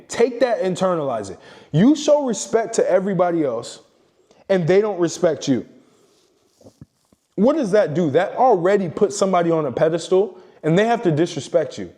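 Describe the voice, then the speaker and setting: A man's voice: high voice, very animated, normal speed, warm tone. A man giving a blunt, profane motivational monologue as a self-improvement coach, lecturing emphatically.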